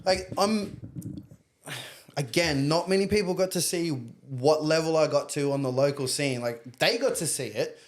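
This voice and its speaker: A young Australian man, a podcast guest, telling stories in casual chat with plenty of slang and swearing. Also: on the high side. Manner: swearing, storytelling, quick slang.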